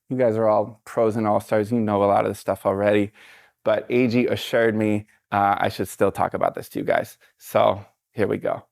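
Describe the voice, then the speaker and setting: A middle-aged man giving a casual, conversational motivational talk from a stage to a live audience, encouraging and relaxed, with frequent fillers. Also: on the low side, creaky, dry recording, studio quality.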